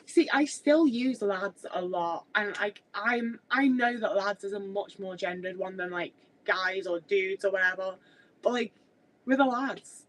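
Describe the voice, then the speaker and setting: A woman's voice: medium pitch, measured pace, low-quality recording. A woman, chatting casually on a livestream in a rambling way with many filler words. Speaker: streamer.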